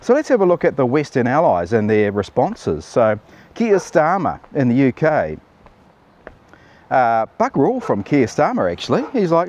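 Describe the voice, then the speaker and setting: A man's voice: mid-range voice, sing-song, a little fast, a little mellow, slight background noise. Blunt, rambling New man. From New Zealand. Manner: rambling, blunt and cheeky with many fillers. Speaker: political commentary host. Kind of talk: casual opinion commentary.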